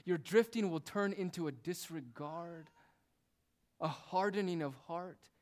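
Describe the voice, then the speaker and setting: A man's voice: on the high side, unhurried. A man preaching a sermon, asking rhetorical questions and dropping in casual asides as he explains the text. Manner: emphatic, rhetorical questions, shifts between loud and hushed delivery.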